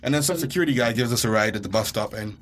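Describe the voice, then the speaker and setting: This young Bahamian man co-hosts a podcast and tells a story casually and with animation, acting out the panicked quotes. His pitch is fairly low and his delivery rapid-fire.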